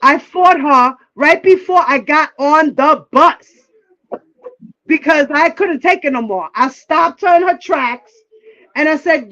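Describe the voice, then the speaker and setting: A woman's voice: high voice, slow, fairly bright tone, lo-fi sound. A woman telling a personal story in a casual, candid and profane way, often acting out what people said. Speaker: livestream guest.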